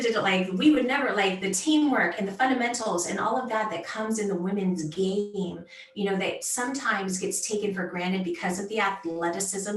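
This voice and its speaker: A middle-aged woman, a sports executive speaking as a guest in a conversational interview, talking in an animated, emphatic way and often tagging her points with "right?". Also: lowish voice, reverberant, distant mic, rough recording.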